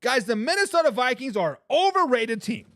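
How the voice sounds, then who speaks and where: A man's voice: very high-pitched, very animated, fairly quick, sharp tone, no echo, studio quality. A man hosting a sports talk show, mocking and trash-talking fans in a rant while he reads live chat comments. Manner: mocking, trash-talking, repeats words when fired up.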